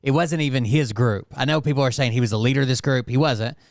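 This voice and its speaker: A man's voice: mid-range voice, fast talker, dry recording, studio quality. A man hosting a casual reaction commentary, rambling and hesitant with frequent restarts. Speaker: commentary channel host.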